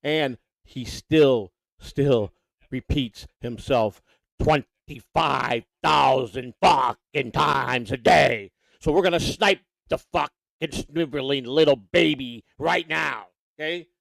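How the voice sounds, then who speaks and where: A man's voice: mid-range voice, slow pace, gravelly, a bit bright, no echo. A man hosting a livestream, ranting angrily and mocking someone with lots of swearing. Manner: angry, mocking, repetitive. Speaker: livestream host. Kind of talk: profane livestream rant.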